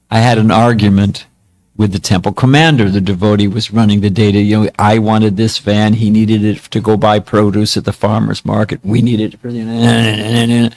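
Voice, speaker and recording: A man in his seventies, a monk giving a spiritual talk, telling stories from his past in a casual, self-mocking way. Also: on the low side. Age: 70s.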